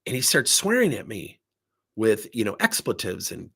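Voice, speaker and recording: Middle-aged man, coaching consultant, lively swooping delivery, gravelly edge. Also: mid-range voice, a little fast. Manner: animated storytelling, acts out quoted voices. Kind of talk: talk to camera.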